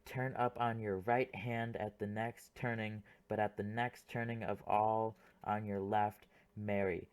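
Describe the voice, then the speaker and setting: A man's voice: on the low side, level tone, a little slow, few pauses, clean tone, close to an everyday voice. A man voicing a comic young clown servant, rambling through a monologue in an audiobook play reading.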